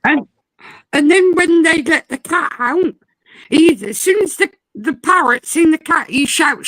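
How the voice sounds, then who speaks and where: A woman with a high voice tells lively, rambling stories in casual chat. She slips into quick imitations of a swearing parrot. The sound is dry and close. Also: dry recording, poor audio. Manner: animated storyteller, mimics a swearing parrot.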